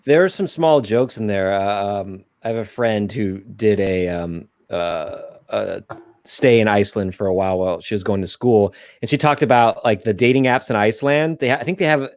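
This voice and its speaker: A man's voice: lowish voice, normal speed, a little mellow, no room sound. Hesitant young man, dry close sound. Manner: hesitant, stumbling over his words. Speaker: podcast guest. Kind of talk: casual podcast chat.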